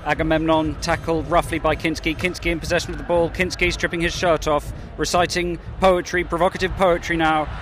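A man hosting a comedy radio show, giving excitable mock football commentary. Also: on the high side, a little hiss or hum. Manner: brisk, excitable commentator delivery.

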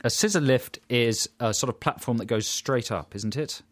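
A man's voice: mid-range voice, moderate pace, a bit bright, no room sound. A man co-hosting a radio show, teasing in casual banter. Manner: wry, teasing. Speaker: radio host. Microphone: studio mic.

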